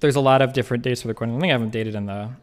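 A man streaming a heated rebuttal, talking fast and emphatically with frequent swearing. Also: mid-range voice.

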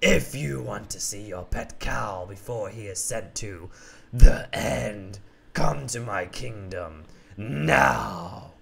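A scheming lion villain drags out every word in a low, menacing drawl, as a man puts him on. His evil laughter rolls out slowly and gloats over each threat. The voice carries a gravelly edge and swings widely in pitch. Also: lively intonation, fairly bright tone, exaggerated voice. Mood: gloating. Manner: slow, drawn-out evil laughing. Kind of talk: game roleplay voice acting.

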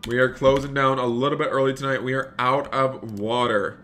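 A man's voice: medium pitch, fairly even intonation, brisk, fairly bright tone, slight background noise. A young man streaming a role-play game, chatting upbeat and greeting viewers by name.

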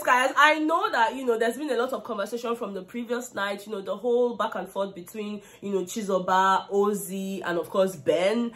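A young Nigerian woman with a slightly high voice tells a story in a chatty vlog. She speaks in an animated way and keeps turning to her viewers as if they are friends. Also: normal speed, hardly any pauses. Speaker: reality show recap vlogger. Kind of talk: casual gossip recap.

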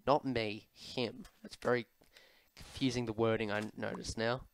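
A man's voice: medium pitch, fairly even intonation, moderate pace, vocal fry, a little hiss or hum, poor audio. A young man rambling through viewer questions while he plays a game, full of ums, restarts and self-mocking asides, his throat a little sore. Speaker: gaming video host. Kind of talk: casual commentary while playing.

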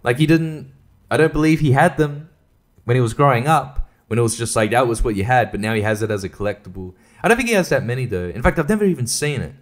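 A man's voice: medium pitch, lively intonation, quick pace. A young man hosting a casual solo podcast, rambling and swearing, often laughing at himself. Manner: rambling, profane, self-mocking with frequent laughs. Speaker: podcast host.

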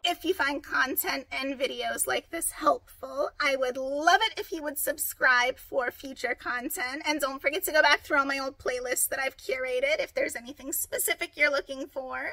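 A woman with a hoarse, raspy voice, chatting upbeat and direct to viewers in a casual how-to vlog. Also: high-pitched, sharp tone, no echo, rough recording. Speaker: vlogger.

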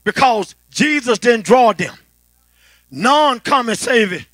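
A pastor preaching a fervent sermon, calling to the congregation and building to a shout. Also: male voice, very high-pitched, animated, slow, no echo.

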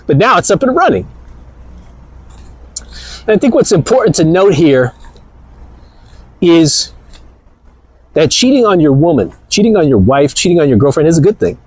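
A man's voice: fairly high pitch, very animated, moderate pace, pauses often, slightly rough, no room sound, poor audio. A man hosting a live stream and rambling provocatively with crude humor. His delivery rises and falls a lot, and the sound is close and very dry. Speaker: channel host.

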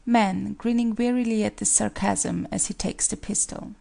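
A woman reads the stage directions of a play aloud, calm and measured. Her voice carries a gravelly, creaky texture, and her pitch sits mid-range. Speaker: narrator. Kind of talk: audiobook stage-direction reading.

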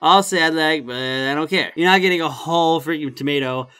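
A young man telling a story-time vlog, animated and acting out his customers with sudden shouts. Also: a little high, fairly quick, smooth. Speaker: vlogger.

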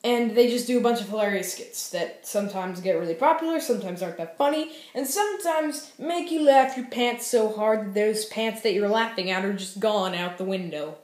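A woman's voice: mid-range voice, animated, brisk, hardly any pauses, a little mellow, roomy sound. A young woman casually reviewing TV shows in a goofy, playful way, breaking into sing-song cheers. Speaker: YouTube TV show reviewer.

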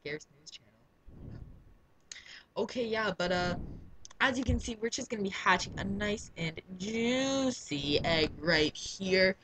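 A man's voice: high-pitched, animated, measured pace, background noise. A man co-hosting a let's play, chatting casually and laughing often as he comments on the game. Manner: giggly, rambling, jokey.

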